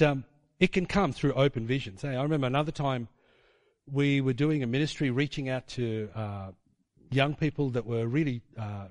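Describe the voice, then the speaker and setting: A man's voice: medium pitch, darkish tone, dry recording. A man preaching a sermon in a casual storytelling way, with fillers and tag questions.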